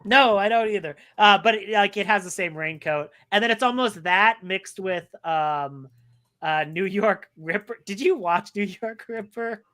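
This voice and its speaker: A woman's voice: medium pitch, unhurried, a bit bright. A young woman co-hosting a casual chat, rambling with lots of fillers and restarts. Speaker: co-host.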